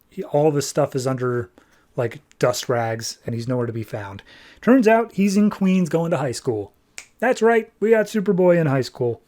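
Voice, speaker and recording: A man on a podcast casually recapping a comic book, animated and nitpicky, tossing off quick character lines as he goes. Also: medium pitch. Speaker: podcast host.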